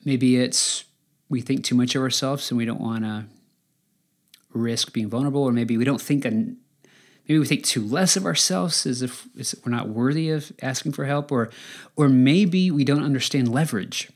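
Man preaching a conversational sermon. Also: mid-range voice. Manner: earnest, conversational, with pauses and restarts. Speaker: pastor.

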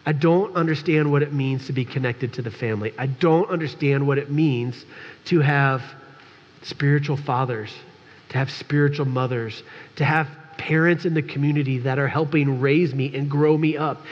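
A man's voice: medium pitch, moderate pace. A man preaching as a pastor in a conversational sermon, candid and joking, talking straight to his congregation. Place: church sanctuary. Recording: dull recording with long church reverb.

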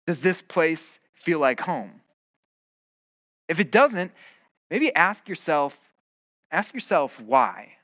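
A man with a bright, lively tone and a fairly high voice delivers a church sermon in an easygoing, storytelling way. The sound is close and dry, with no room echo. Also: slow, long pauses. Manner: casual storytelling with fillers and restarts. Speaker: pastor. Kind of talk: conversational sermon.

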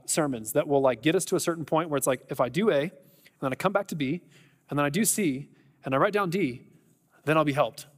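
A man's voice: a little high, in a large hall. A man preaching a sermon in a conversational, earnest way, with an American accent and frequent fillers and restarts. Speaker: pastor.

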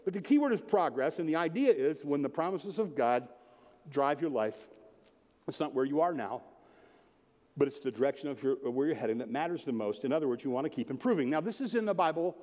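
Male pastor, slightly high voice, chatty sermon, long hall reverb. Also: lively intonation, a little fast, darkish tone. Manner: conversational, jokey preaching with asides to the congregation. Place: church.

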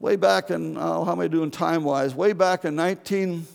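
A man's voice: fairly high pitch, moderate pace, creaky, big-room sound. An older man preaching an earnest, heartfelt sermon as pastor, with pleading repetitions.

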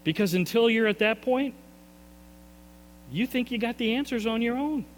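A male pastor delivers an earnest sermon in a high voice, stumbling over repeated words as he presses his point. The sound carries a long reverb from a large church hall. A faint electrical hum sits underneath. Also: normal speed. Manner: earnest, repeats words, rising and falling intensity.

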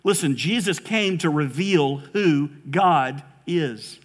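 A man preaching a sermon as a pastor, earnest, slowing down to stress key words and rising sharply when quoting scripture. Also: on the high side. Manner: earnest preaching, slows for emphasis, rises dramatically on quotes.

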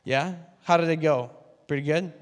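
A man preaching a sermon, leaning on an easy, chatty delivery with little laughs and asides to the congregation. His voice sits a bit higher than most men's. It carries with the long reverb of a church hall. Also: moderate pace, clean tone. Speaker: pastor.

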